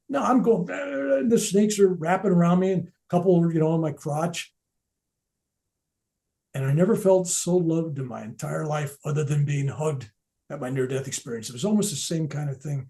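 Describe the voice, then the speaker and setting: An older man, his voice a little high, tells a spiritual story at a veterans event. He's an animated storyteller who restarts often and lowers his voice to near-whispers.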